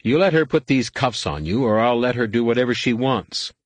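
A man's voice: medium pitch, lively intonation, a little fast, dry recording, pitched above the performer's own voice, close to an everyday voice. A man reading an audiobook, playing a defiant, stern young male Jedi with a tense, raised voice.

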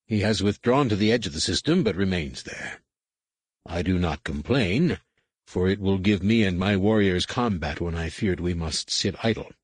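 A man voicing a cold, menacing alien warrior commander who speaks slowly and with measured threat, in a husky voice. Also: low voice, lively intonation, no echo. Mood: probing. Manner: slow, measured, coldly threatening.

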